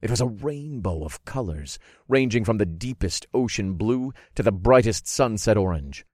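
A man giving measured, dramatic first-person narration of a fantasy audiobook. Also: fairly low pitch, expressive, a little mellow, no room sound, clean studio sound.

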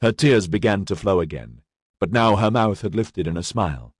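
A man narrating an audiobook in an expressive storytelling manner. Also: low voice, moderate pace, breathy edge, no room sound, clean studio sound.

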